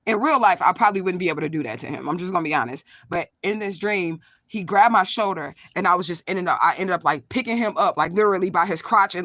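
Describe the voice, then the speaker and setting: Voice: mid-range voice, pushed and bright, no room sound, clean studio sound. A spiritual medium vlogger telling a story to a live audience in a blunt, profane, emphatic way, breaking off to answer viewer comments. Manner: talks straight to viewers, reacts to live comments. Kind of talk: casual livestream storytelling.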